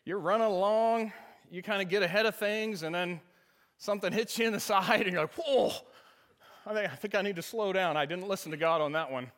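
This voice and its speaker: Preaching a sermon, this man recounts a humorous race story, poking fun at himself and laughing frequently. His high-pitched voice is brisk and fairly bright.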